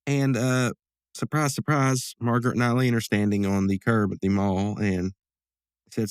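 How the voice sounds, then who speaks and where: Podcast host, male, low voice, casual recap full of "uh"s and tangents, dry close sound. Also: little pitch movement, normal speed, clear, resonant tone, dry recording. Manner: rambling, full of fillers and asides.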